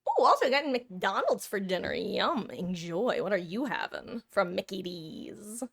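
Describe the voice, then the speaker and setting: A woman's voice: medium pitch, big pitch swings, a little slow, a bit bright, breathy edge. A woman streamer chatting casually with her viewers, rambling and correcting herself as she goes.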